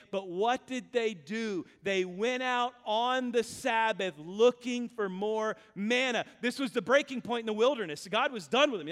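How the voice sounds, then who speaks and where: A male pastor preaching a sermon, reading scripture aloud and then explaining it in an animated, humorous way. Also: high voice, normal speed, few pauses, clear, resonant tone. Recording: long reverb of a large hall.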